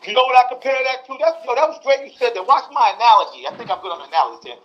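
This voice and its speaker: A man's voice: very high-pitched, expressive, very fast, fairly bright tone. A man in his sixties arguing heatedly as a podcast guest, mimicking voices and repeating words. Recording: dull lo-fi audio.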